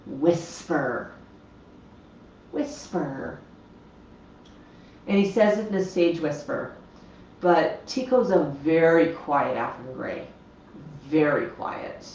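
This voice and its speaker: A woman's voice: low voice, a little slow, darkish tone, slight background noise. A woman hosting a casual livestream, chatting about her pet parrots and explaining their habits while she talks to the birds. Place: home room with parrots. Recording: echoey, slightly dull lo-fi sound.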